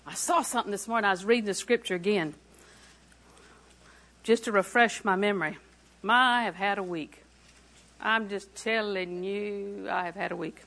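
A woman in her sixties preaching a sermon, repeating phrases for emphasis and moving between quiet asides and loud declarations. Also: mid-range voice, moderate pace.

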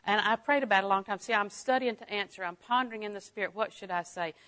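An older woman teaching a Bible lesson in a folksy way, dropping to a hush and rising to exclaim. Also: medium pitch, quick pace. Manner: folksy, swings from hushed to exclaiming.

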